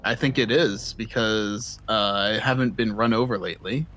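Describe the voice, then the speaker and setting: Deadpan man in casual role-play. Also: lowish voice, normal speed. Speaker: streamer playing a character.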